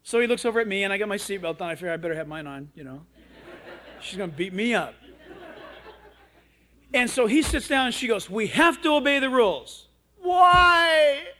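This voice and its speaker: Animated male pastor with a high voice. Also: fairly quick, pauses often, slight background noise. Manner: animated storytelling, acts out other people's voices. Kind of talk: radio sermon.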